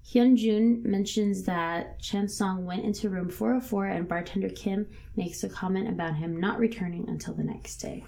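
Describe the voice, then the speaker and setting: A woman's voice: mid-range voice, fairly even intonation, normal speed, creaky, hardly any pauses, warm tone. A woman co-hosting a podcast, casually chatting and recapping a TV show, laid-back and swearing now and then. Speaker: podcast co-host.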